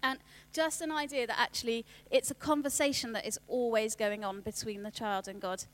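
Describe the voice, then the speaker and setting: A woman, giving a workshop talk on children's ministry in a chatty way, with quick asides and restarts. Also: fairly high pitch, steady tone.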